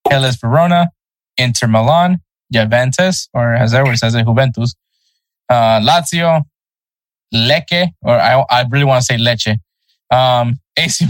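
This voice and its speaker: A man co-hosting a casual soccer podcast, relaxed and easygoing, chuckling over tricky team names. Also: mid-range voice, dry recording, low-quality recording. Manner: laid-back, chuckles over name pronunciations. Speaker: podcast co-host.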